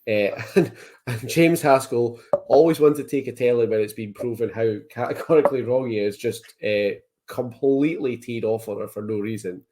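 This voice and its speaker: A man's voice: mid-range voice, normal speed, warm tone. A man who is a guest on a casual sports podcast, confidently rattling off his opinions.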